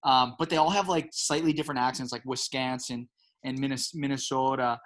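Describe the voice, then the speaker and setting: A man's voice: mid-range voice, fairly even intonation, normal speed, fairly bright tone. A middle-aged man from Chicago with a Chicago accent, chatting casually as a guest with lots of restarts and enthusiasm. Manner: enthusiastic, rambling with many restarts. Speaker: guest, home pizza maker. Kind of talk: casual chat.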